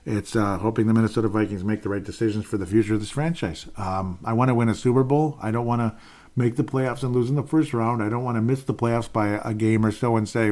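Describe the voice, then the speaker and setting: A man's voice: lowish voice, a little fast, darkish tone. A man hosting a casual solo sports podcast, rambling along with frequent fillers and restarts. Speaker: podcast host.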